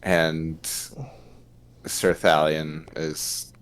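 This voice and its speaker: A man with a very low, smooth and clear voice narrates his character's actions at a tabletop game. He speaks slowly and hesitates often, with many fillers between phrases. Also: little pitch movement. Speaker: player voicing a knight. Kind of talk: tabletop role-play narration.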